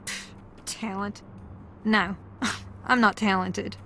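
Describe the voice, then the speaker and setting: Deadpan, teasing game contestant from New Zealand, mid-pitched, sarcastic. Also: female voice, slow pace, slight background noise. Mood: wry. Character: wry, sarcastic female reality-TV contestant, former aerialist. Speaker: reality show contestant. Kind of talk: video game voice acting.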